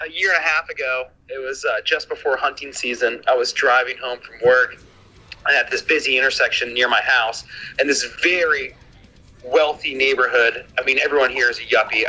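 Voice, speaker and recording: Bright-voiced man telling a story. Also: mid-range voice, normal speed, rough recording. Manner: rambling, profane, animated.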